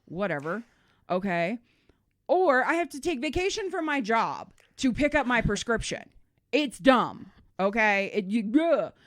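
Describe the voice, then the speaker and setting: A woman's voice: a little high, very animated, measured pace, dry recording, studio quality. A middle-aged woman co-hosting a podcast, telling a story in casual chat and swearing freely. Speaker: podcast co-host.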